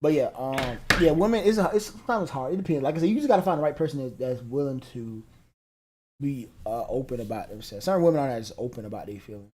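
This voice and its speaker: A man's voice: mid-range voice, fast talker, breathy edge. A man co-hosting a podcast in casual, slangy, profane chat, acting out the back-and-forth of arguments. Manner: animated, slangy and profane, acts out quoted exchanges. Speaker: podcast co-host.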